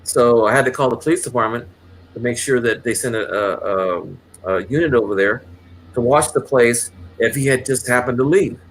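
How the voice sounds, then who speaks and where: A man's voice: mid-range voice, normal speed, slight background noise. A man casually telling a long, rambling story, with many restarts and acted quotes. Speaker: channel host.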